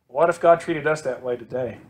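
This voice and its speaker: In a medium-pitched voice, a man leads a casual Sunday school lesson, reading Bible passages and retelling them conversationally. He laughs frequently and poses questions to the class.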